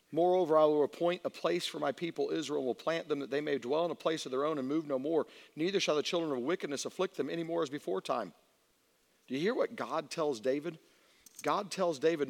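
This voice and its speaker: A middle-aged man preaching as a youth pastor, telling a personal story that swings from hushed to shouting. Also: fairly high pitch. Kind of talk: sermon. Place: large church hall. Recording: long hall reverb.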